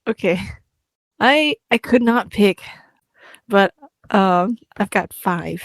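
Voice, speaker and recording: A woman co-hosting a podcast in casual chat, animated and often laughing. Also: mid-range voice, dry recording. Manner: animated, laughing, quick asides. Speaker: podcast co-host.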